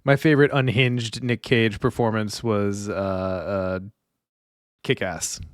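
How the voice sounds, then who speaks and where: A man's voice: on the low side, steady tone, takes it slowly, no echo, studio quality. Laid-back man hosting a chat. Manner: laid-back, laughs often, hands turns to others. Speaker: podcast host. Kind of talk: casual chat.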